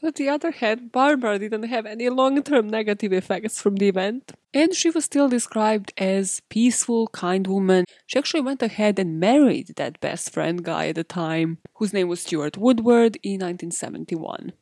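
A woman's voice: mid-range voice, moderate pace, hardly any pauses, a little mellow, dry recording. A woman hosting a casual true-crime podcast, chatty and profane, often laughing and talking to herself. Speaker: podcast host.

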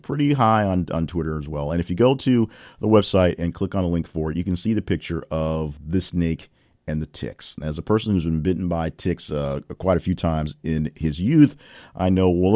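Male host, low voice with big pitch swings, wry casual news read, dry close mic. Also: dry recording. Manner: reads headlines with wry asides and lively swings in pitch. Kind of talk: casual news roundup reading.

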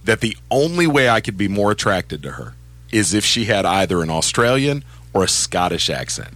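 A man co-hosting a sports radio show, chatting casually in an animated, self-deprecating way. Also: on the low side, normal speed.

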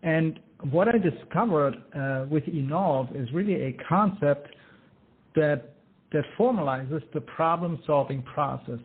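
A man's voice: a little high, husky. A man from Germany with a German accent, an inventor being interviewed, speaking upbeat and enthusiastic. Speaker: guest, inventor. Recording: tinny phone-like line.

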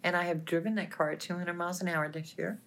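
Low-voiced woman telling a wild story. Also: fast talker, creaky. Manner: animated, laughing, plainspoken retelling. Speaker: talk show guest. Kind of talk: lively storytelling with quoted dialogue.

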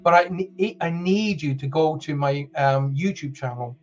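A man's voice: fairly high pitch, unhurried. Northern irish guy rambling through a live stream, lots of ums, kinda dull lo-fi sound. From Northern Ireland. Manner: chatty, rambling, many fillers and restarts. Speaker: spiritual show host. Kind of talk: live-streamed chat show.

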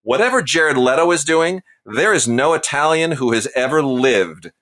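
Man, forties, film review co-host, crisp bright voice, animated and opinionated. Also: a little high, normal speed. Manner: animated, emphatic, jokey opinions. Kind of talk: casual movie review chat.

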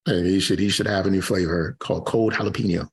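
A man's voice: sits low, fairly even intonation, fast talker, breathy edge. A man co-hosting a casual talk show over a video call, joking in a dry way. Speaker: podcast co-host. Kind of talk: casual chat. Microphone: remote call mic.

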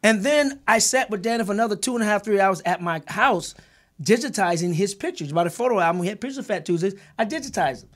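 A man's voice: high voice, animated, fast talker, fairly bright tone. A man who created and executive-produced a documentary, telling a heated story in a group conversation. He talks emphatically, repeats and restarts words, and swears freely.

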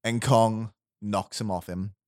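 A man with a fairly low, steady, darkish voice casually tells a long story on a podcast while pitching a film idea. He rambles, restarts, laughs often and drops quick asides. The studio-quality recording has no room sound.

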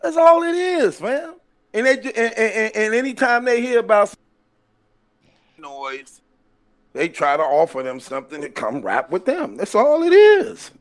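Animated, high-voiced man in casual chat. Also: measured pace, no echo. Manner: animated, acts out quotes with laughter. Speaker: podcast co-host.

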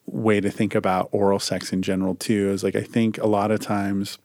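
Talking fairly quickly with vocal fry, this man co-hosts a podcast in a relaxed, rambling way full of "likes" and restarts. His voice sits on the low side, recorded at studio quality without echo.

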